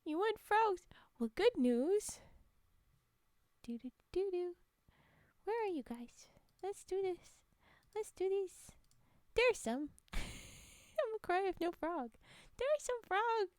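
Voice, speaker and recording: Giggly woman on an asmr stream, high voice, slow and soft, sometimes whispering, dry close sound. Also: expressive, dry recording. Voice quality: soft-spoken, often drops to a whisper. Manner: giggly and playful. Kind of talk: ASMR stream chat with viewers.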